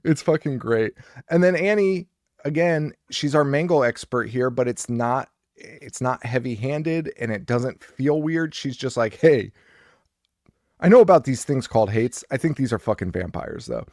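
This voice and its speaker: A man co-hosting a podcast, chatting casually and excitedly about a horror movie, swearing often. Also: medium pitch, normal speed, no room sound, clean studio sound. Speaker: podcast co-host.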